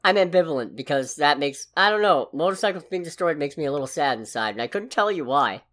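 A woman's voice: deep voice, lively intonation, quick pace, a bit bright. A woman co-hosting a podcast, chatting casually with a sarcastic, ranting edge. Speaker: podcast co-host. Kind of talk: casual chat.

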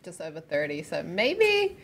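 A woman co-hosting a podcast, bubbly and quick to laugh. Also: fairly low pitch, huge pitch swings, a bit bright, husky. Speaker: podcast co-host. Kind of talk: casual chat.

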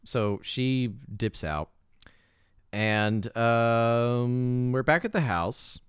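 A man's voice: medium pitch, very slow, clear, resonant tone, no room sound, clean studio sound. A man co-hosting a podcast, casually chatting about a movie, laughing often and filling with "like.". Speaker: podcast co-host.

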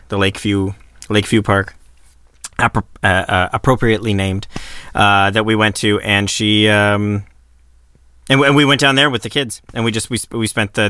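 A young adult man co-hosting a podcast in casual chat, halting and restarting his sentences often. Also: lowish voice, pushed and bright, clean tone, no room sound, clean studio sound. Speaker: podcast co-host.

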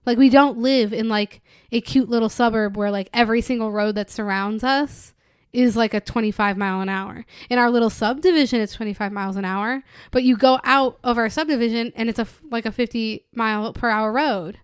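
A woman's voice: fairly high pitch, fairly even intonation, brisk, smooth, dry recording, clean studio sound. A woman co-hosting a podcast, chatting casually about a film and giving her opinions in long, heated runs. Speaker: podcast co-host. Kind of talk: casual film-review chat.

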